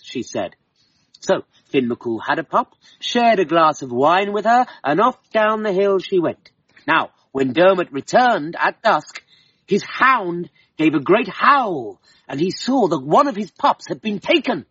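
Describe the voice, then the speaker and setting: Male storyteller, husky, lively delivery, dull slightly distant sound with faint harp behind. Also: high-pitched, dry recording. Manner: expressive, dramatic, slows for emphasis. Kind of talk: oral storytelling of a folk tale. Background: soft harp music.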